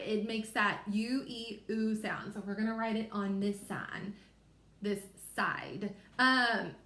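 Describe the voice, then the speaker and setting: Her voice is fairly high and a bit bright, echoing in a reverberant space. She's a first grade teacher with a Kentucky accent, slowly and clearly sounding out letters for young children in a reading lesson.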